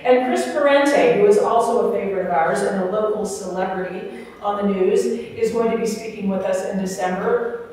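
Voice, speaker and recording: A woman's voice: mid-range voice, darkish tone. A woman giving the Sunday announcements at a spiritual center in a chatty, upbeat way, with the odd joke. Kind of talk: casual church announcements. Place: large hall during a Sunday service. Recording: echoey hall, voice from a distance.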